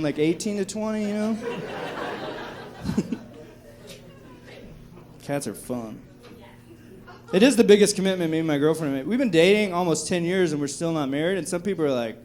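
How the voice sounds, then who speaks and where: A man's voice: a little high, lively intonation, moderate pace, long pauses, darkish tone. A young adult man doing a stand-up comedy set on a club stage, profane and rambling, often laughing at his own jokes. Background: audience laughter.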